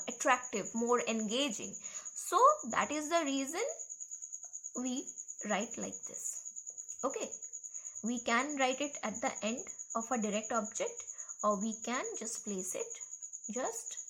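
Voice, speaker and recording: A woman teaching an English grammar lesson with an Indian English accent, repeating key phrases slowly for her students. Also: fairly high pitch, fairly bright tone.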